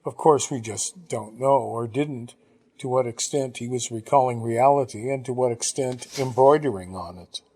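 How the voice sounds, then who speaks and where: A man reading a novel aloud, narrating in the first person at a measured pace. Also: mid-range voice, a little mellow, husky. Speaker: audiobook reader.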